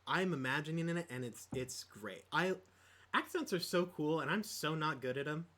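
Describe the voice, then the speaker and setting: A man's voice: on the high side, animated, normal speed, pushed and bright. A man co-hosting a podcast in casual chat, rambling with lots of fillers and laughs. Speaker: podcast co-host.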